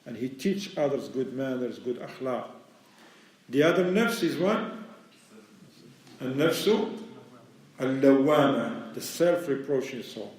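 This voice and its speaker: A man delivers a relaxed, conversational religious lecture, explaining his points plainly in English with non-native grammar. His voice sits at an ordinary middle pitch. It carries a heavy echo from a large hall, picked up by a microphone set well away from him. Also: measured pace, long pauses. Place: mosque lecture room. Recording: very echoey hall, mic far away.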